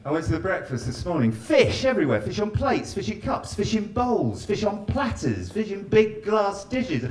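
A man's voice: sits high, big pitch swings, normal speed, a little mellow. A man doing a stand-up set in a live venue, chatting with and teasing the audience. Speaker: stand-up comedian. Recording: live show with crowd laughter.

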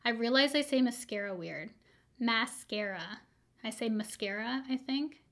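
Chatty, slightly hoarse beauty vlogger woman. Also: on the high side, lively intonation, a little fast, fairly bright tone. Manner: chatty, upbeat, rambling asides. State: slightly hoarse, losing her voice. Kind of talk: casual product review.

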